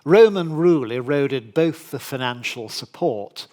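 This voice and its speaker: Slow, measured male history lecturer. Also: mid-range voice, animated, darkish tone. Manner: measured, deliberate delivery with dry asides. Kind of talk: formal public lecture.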